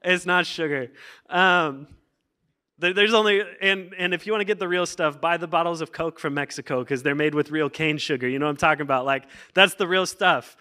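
A man's voice: on the high side, fairly even intonation, fairly quick, sharp tone, clean tone. A man preaching a casual, joking sermon as pastor, full of fillers and restarts. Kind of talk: conversational sermon.

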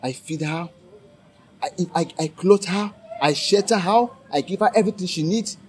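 A man's voice: sits high, moderate pace, a little mellow, a little hiss or hum. A young Nigerian man in a street interview, talking angrily and emphatically, repeating himself. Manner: angry, emphatic, repetitive.

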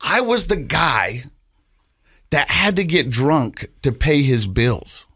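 A man's voice: on the high side, very animated, slow, a bit bright, breathy edge, no room sound. Dry-voiced man telling a rambling story. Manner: rambling, repeats words, laughs while telling; earnest, reflective. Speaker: podcast co-host. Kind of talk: casual storytelling.

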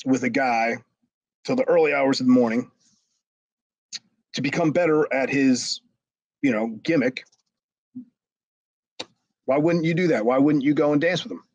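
A man putting on the voices of veteran wrestlers who jeer and taunt a rookie, raising his pitch for them. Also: a little slow, long pauses, no echo, dull audio, close to an everyday voice. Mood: mocking. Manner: jeering, taunting. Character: mocking, bullying veteran male wrestlers.

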